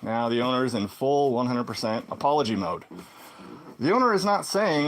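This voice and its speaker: A man telling a personal story in a casual vlog monologue, swinging between loud exclamations and low muttered asides. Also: expressive, normal speed. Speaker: vlogger.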